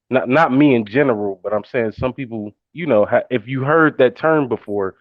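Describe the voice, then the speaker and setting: A man from Detroit joining a live audio chat as a caller, explaining things in a measured way with pauses. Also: medium pitch, no echo. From Detroit, USA. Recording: dull lo-fi phone audio.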